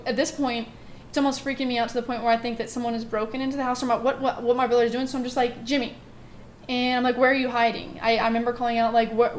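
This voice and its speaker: A woman's voice: a little high, a little hiss or hum. Rambling woman telling a ghost story. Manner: rambling, heavy on filler words and restarts. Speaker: gaming channel host. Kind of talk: casual spoken ghost story.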